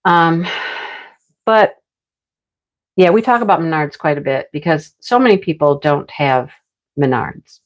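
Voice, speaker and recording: A woman's voice: low-pitched, slow pace, pauses often. Chatty woman hosting a craft livestream. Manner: chatty, rambling, often laughing, answers chat by name. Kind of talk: casual live chat with viewers.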